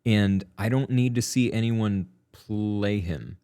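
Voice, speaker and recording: Laid-back low-voiced male co-host. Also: takes it slowly, dark tone, smooth. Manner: laid-back, hesitant, lots of likes and you-knows. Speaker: podcast co-host. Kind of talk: casual chat.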